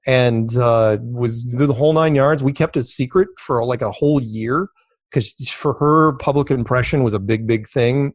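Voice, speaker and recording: Recorded dry and at studio quality, a medium-pitched male voice belongs to an interview guest spinning casual stories. He rambles and repeats words while animatedly quoting what other people said.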